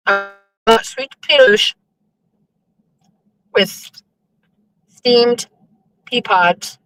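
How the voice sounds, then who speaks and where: A woman's voice: fairly high pitch, extremely slow, fairly bright tone, no echo, poor audio. A young woman host chatting casually to her listeners while driving, rambling and cursing in exasperation. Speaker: show host.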